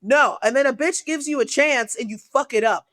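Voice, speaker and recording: A woman comedian telling a dating story on a podcast, profane and animated, acting out the people she quotes. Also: high-pitched, moderate pace, dry recording. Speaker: guest comedian.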